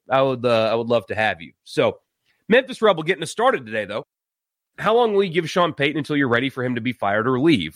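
Chatty, lively sports talk host. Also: male voice, on the high side, dry recording, studio quality. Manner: chatty, laughs at his own jokes, many fillers. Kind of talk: casual sports talk livestream. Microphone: live-stream mic.

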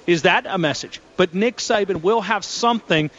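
A man's voice: sits high, moderate pace, a bit bright, highs cut off. A man calling into a sports radio show as a reporter, chatty and rambling with frequent restarts.

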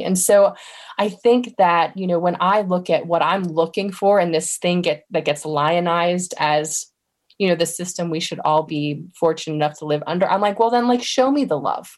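A woman speaking as a guest in a reflective conversation, thoughtful and searching, with frequent pauses and fillers. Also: fairly low pitch, fairly even intonation. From United States.

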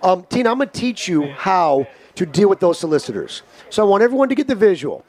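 A man's voice: sits high, big pitch swings, fast, darkish tone. A man hosting a casual comedy chat show, brash and joking as he acts out scenarios. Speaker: host.

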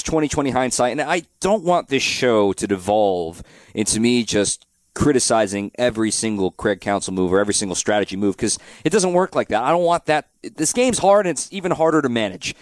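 A man hosting a sports talk radio show, talking through a baseball game in a steady, direct way. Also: medium pitch, moderate pace, no room sound. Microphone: studio microphone.

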